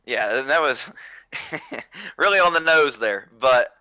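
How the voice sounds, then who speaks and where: Young man with a very bright, dry voice. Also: mid-range voice, lively intonation, takes it slowly, clean tone, no room sound. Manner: hedging with "I mean", short agreeing replies. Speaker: podcast co-host. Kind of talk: casual recap chat.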